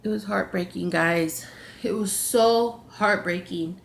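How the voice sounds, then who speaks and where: A woman's voice: medium pitch, slow pace, vocal fry. A young adult woman vlogger telling a personal story in a confiding, emotional way.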